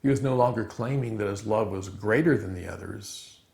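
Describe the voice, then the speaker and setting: A man giving a chapel sermon, telling the story with animated, dramatic emphasis. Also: fairly low pitch, moderate pace, vocal fry. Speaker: chapel speaker. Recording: roomy echo.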